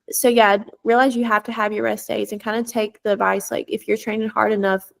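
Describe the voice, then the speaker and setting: Young woman coach, gravelly fry, chatty casual podcast talk. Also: medium pitch. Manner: chatty, lots of "like" fillers. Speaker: fitness coach.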